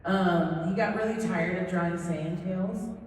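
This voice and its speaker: A woman's voice: on the low side, unhurried, a little hiss or hum. A middle-aged woman from Southern California, a voice actor telling stories and joking with fans at a convention Q&A panel. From Southern California, USA. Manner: chatty, animated, self-deprecating joking. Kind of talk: convention Q&A storytelling. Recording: echoey hall, voice from far off.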